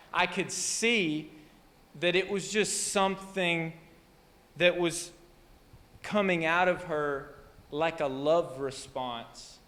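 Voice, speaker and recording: A man preaching a storytelling sermon, animated and rambling, often interrupting himself. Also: a little high, long reverb tail. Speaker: pastor. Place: church hall.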